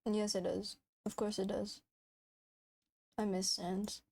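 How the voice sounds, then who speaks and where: This VTuber streamer, a young woman, speaks slowly in a medium-pitched, level voice that's darkish, breathy at the edges, and full of vocal fry. Her livestream chat is casual yet frantic, packed with curses and giggles.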